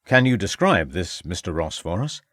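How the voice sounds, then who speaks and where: A man's voice: low-pitched, very animated, normal speed, fairly bright tone, no echo, clean studio sound, exaggerated voice. A man voicing a determined Victorian police inspector who questions people formally and urgently.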